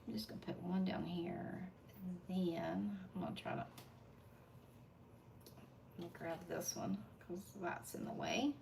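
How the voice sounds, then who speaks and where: Gravelly Appalachian woman chatting at a distance. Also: lowish voice, big pitch swings, a little slow, pauses often, darkish tone, slight background noise. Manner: chatty, laughing asides, talks to viewers while doing nails. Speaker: nail art livestream host. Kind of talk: casual chat while working. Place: home desk.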